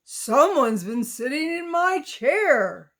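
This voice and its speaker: A woman voicing a big, indignant father bear in a storybook reading, with a loud bellowing delivery. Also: high-pitched, very animated, slow, heavily acted.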